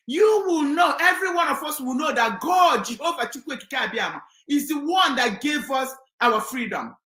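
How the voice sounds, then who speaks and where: Woman commentator, impassioned and preachy, high voice, echoey room. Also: pushed and bright. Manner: fiery, defiant, preaching, repeats herself. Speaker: political commentator. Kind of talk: impassioned monologue.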